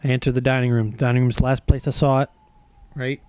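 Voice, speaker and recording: A man streaming a game, telling a story in a casual, animated, self-mocking way with swearing. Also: mid-range voice, quick pace, clean tone, no room sound.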